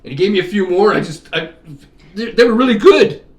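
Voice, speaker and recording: Middle-aged man, profane rambling storyteller, slightly high-pitched. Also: animated, fairly quick. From Canada. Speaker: vlogger. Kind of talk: casual chat.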